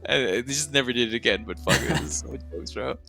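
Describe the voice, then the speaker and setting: A man's voice: mid-range voice, fast talker, creaky, bright, forceful tone, faint music behind. A young man, a streamer guest on a podcast, talking casually with heavy profanity and slang, laughing often.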